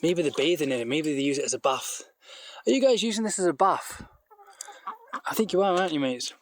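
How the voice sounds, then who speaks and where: A man giving a casual walk-and-talk vlog outdoors in a farmyard, rambling and chatty with many restarts, and coaxing his animals in a higher voice. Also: expressive, a little fast, no echo. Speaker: vlogger keeping poultry on a farm. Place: outdoors in a farmyard by a duck shed.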